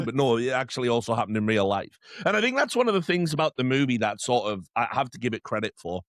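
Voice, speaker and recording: A man's voice: medium pitch, fast talker, few pauses, no echo, clean studio sound. A man co-hosting a casual film podcast, who tells stories with energy and acts out scenes. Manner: animated storytelling, acts out scenes. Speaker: podcast co-host.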